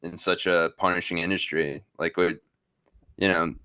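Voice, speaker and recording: Podcast host, deep voice with a crisp bright edge, easygoing and hesitant, dry close sound. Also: male voice, steady tone, moderate pace, no room sound. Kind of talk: casual interview.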